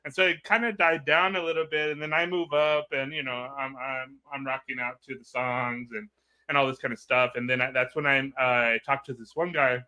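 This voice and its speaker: A man's voice: medium pitch, steady tone, brisk, sharp tone, clean tone. A man telling a rambling story in casual chat, full of fillers and acted-out quotes. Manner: rambling, many fillers, acts out quoted people. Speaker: podcast host.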